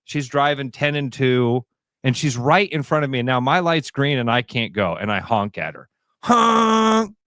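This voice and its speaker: A man co-hosting a morning radio show, spinning a road story with lively acted-out quotes. His voice sits in a middle range and sounds close and dry, with no room around it. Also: mid-range voice, moderate pace, dry recording. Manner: animated storyteller, acts out quotes. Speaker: radio co-host. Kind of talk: casual morning radio banter.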